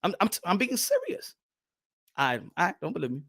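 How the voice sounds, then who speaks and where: A man chatting casually as a boxing commentator, profane and laughing, with low, quieter asides. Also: huge pitch swings, normal speed, creaky, husky. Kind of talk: casual comedic chat.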